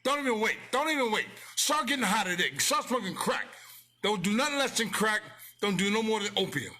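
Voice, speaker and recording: A man's voice: high voice, big pitch swings, brisk, bright, forceful tone. A man in a blunt, casual motivational rant, preachy and repeating his lines for emphasis, speaking close to the mic. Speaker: business owner promoting his company.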